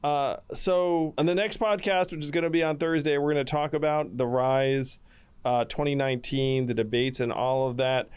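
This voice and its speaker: A man's voice: fairly high pitch, fairly even intonation, moderate pace, clear, resonant tone. A man in his forties hosting a podcast, upbeat as he plugs a book and congratulates his guest. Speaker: podcast host. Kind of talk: casual podcast chat.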